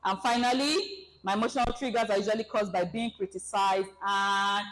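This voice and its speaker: A woman giving a relationship seminar, animated and acting out everyday scenarios for her audience. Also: medium pitch, moderate pace, a little hiss or hum, low-quality recording. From Nigeria. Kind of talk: presentation talk to an audience.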